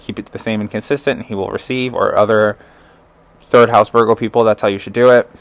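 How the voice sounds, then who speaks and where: A man's voice: mid-range voice, no echo. Rambling man reading an astrology chart. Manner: rambling, full of "like" and "um", chuckling asides. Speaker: tarot and astrology reader.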